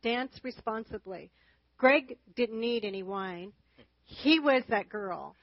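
A woman's voice: fairly high pitch, lively intonation, takes it slowly, no echo, highs cut off. Chatty woman telling stories in church. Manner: chatty, storytelling. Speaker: marriage teacher, co-host with husband. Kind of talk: church marriage lesson.

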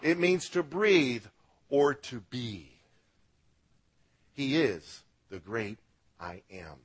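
A man preaching a sermon as pastor, swinging between loud emphatic lines and quiet low drops, asking the congregation to repeat words after him. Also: sing-song, extremely slow, breathy edge. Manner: emphatic preaching, rising and dropping for effect.

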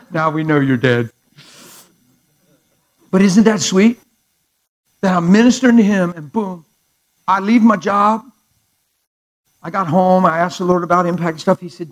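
A middle-aged man preaches in a high voice, telling stories with lively swings in loudness. He acts out the people in his tales, dropping to near hushed tones before rising again. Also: moderate pace, pauses often, rough recording. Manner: animated storyteller acting out dialogue, swings from hushed to loud. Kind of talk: sermon storytelling.

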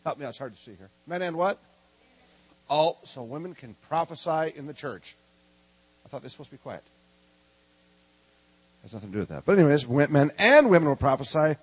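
A middle-aged man from Minnesota preaching a lively, humorous sermon and calling on the congregation to answer back. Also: on the high side, fairly quick, long pauses, slightly rough, poor audio. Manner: animated, joking, calls for congregation response. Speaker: preacher teaching a prophetic ministry school.

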